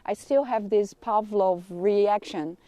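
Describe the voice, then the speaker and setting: A middle-aged woman with a Dutch accent, a kinesiologist giving a gentle, soothing live lesson and laughing softly now and then. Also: medium pitch, slow, no room sound. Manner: gentle, soothing guidance with frequent soft laughs. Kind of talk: live-streamed wellness lesson.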